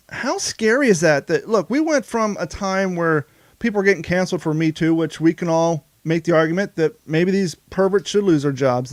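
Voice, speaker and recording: A man's voice: on the high side, no echo, studio quality. A man co-hosting a podcast, talking casually and rambling with frequent restarts. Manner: rambling, self-interrupting. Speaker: podcast co-host.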